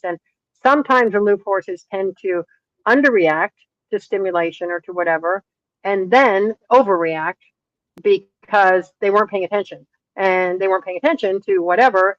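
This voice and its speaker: Middle-aged woman horse trainer, lively storyteller, muffled dry recording. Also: mid-range voice, no room sound. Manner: lively storyteller acting out quoted dialogue. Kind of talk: interview storytelling. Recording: dull, dry lo-fi sound.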